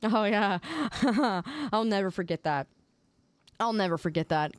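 A young adult woman streamer chatting casually on a live stream, playful and excitable, quick to laugh. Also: medium pitch, clean tone, no echo. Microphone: desk microphone.

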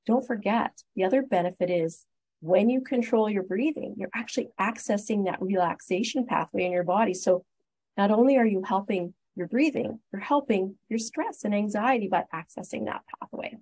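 A woman's voice: medium pitch, normal speed, a little mellow, slightly rough, poor audio. A Canadian woman presenting a webinar as a respiratory therapist, upbeat and encouraging, walking through steps one at a time. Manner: upbeat, encouraging, explains step by step. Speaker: guest speaker, respiratory therapist.

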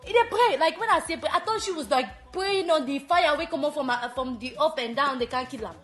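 High, bright Sierra Leonean woman storyteller. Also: fairly quick, soft background music. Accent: Sierra Leonean Krio-tinged English. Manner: animated, laughs often, repeats words while telling. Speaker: show host telling stories. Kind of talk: casual comic storytelling.

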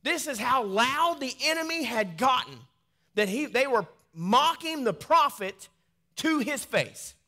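A pastor reading scripture aloud in a sermon, breaking off into quieter conversational asides. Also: male voice, extremely high pitch, expressive, unhurried. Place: church sanctuary.

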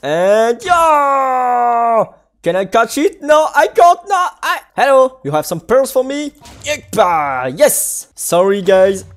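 A gaming host, commentating Minecraft gameplay in an excitable way, exclaiming and laughing often. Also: medium pitch, slow.

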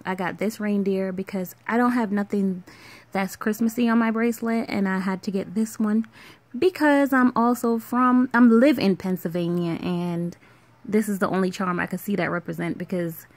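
A woman in her thirties with a Caribbean island accent chats casually in a home vlog. Her voice has a gravelly, creaky edge, and her talk wanders, filled with ums and small laughs. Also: mid-range voice, normal speed. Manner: relaxed, rambling, with fillers and soft laughs. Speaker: vlogger. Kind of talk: casual show-and-tell vlog.

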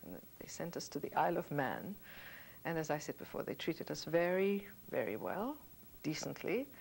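A woman's voice: deep voice, creaky, a little hiss or hum, rough recording. An older woman, a singer who grew up in German-speaking Europe, telling stories from her past in a wry, anecdotal way and laughing at her own tales. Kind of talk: reminiscing storytelling.

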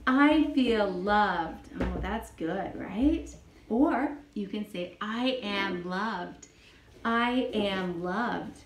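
Slow, patient woman teaching children. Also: medium pitch, noisy background. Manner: slow, patient, repeats each phrase for a child to copy. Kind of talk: children's English lesson. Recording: echoey room.

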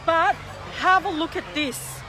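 Holding her phone at a busy outdoor waterfront and pool area, a woman with a very high voice livestreams an indignant, exasperated rant at a measured pace. Faint crowd chatter and outdoor noise sit in the background.

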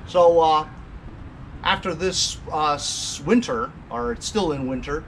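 A man's voice: fairly high pitch, lively intonation, slow pace, gravelly, fairly bright tone, slight background noise. A man hosting a small engine repair channel, chatting casually with rambling asides and lots of fillers while he works. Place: home garage and car.

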